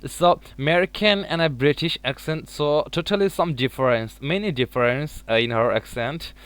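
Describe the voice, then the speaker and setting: A man's voice: on the high side, moderate pace, fairly bright tone, clean tone, dry recording. Hesitant man speaking learner English. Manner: hesitant, many fillers, laughs often. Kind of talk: casual chat in second-language English.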